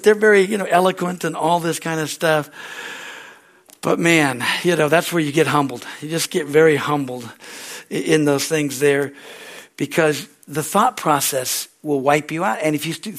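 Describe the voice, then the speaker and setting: An American pastor with a fairly high-pitched voice delivers a rambling, homespun sermon. He often checks in with "Amen?" and pokes fun at himself with easy laughter.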